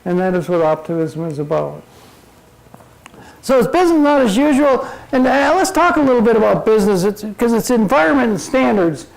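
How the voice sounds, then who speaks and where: An older man giving a humorous motivational talk at a club meeting, telling jokes deadpan. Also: high-pitched, fairly quick, vocal fry, rough recording. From Minnesota. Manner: deadpan joke-telling to a laughing audience. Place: meeting room before a live audience. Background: audience laughter.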